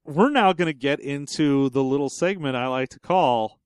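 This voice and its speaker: A man's voice: mid-range voice, moderate pace, smooth, no echo, studio quality. A man co-hosting a podcast, chatting casually about a film and acting out quotes from its characters. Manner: jokey, acts out characters in quotes. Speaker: podcast co-host. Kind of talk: casual chat.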